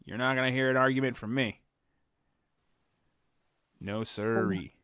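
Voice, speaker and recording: A man's voice: mid-range voice, steady tone, unhurried, fairly bright tone, clean tone, no echo, clean studio sound. A man co-hosting a casual podcast chat, teasing his co-host and narrating what she does.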